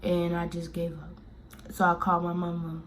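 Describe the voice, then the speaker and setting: A woman from Miami telling a story-time vlog, talking casually and circling back with lots of "like" and restarts. Her voice sits slightly low, with faint background hiss. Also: monotone, normal speed. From Miami, Florida. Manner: rambling, full of "like" fillers and restarts. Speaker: vlogger telling a personal story.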